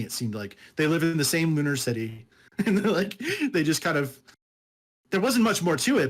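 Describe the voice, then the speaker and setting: A man co-hosting a podcast, chatting casually and rambling through a book review, laughing often and calling his friend dude. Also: on the high side. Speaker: podcast co-host.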